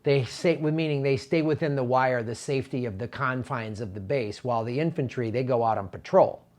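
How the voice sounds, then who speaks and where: A man's voice: mid-range voice, fairly quick, darkish tone. A man who is a comedian, giving casual political commentary in a profane, exasperated rant full of stammered restarts.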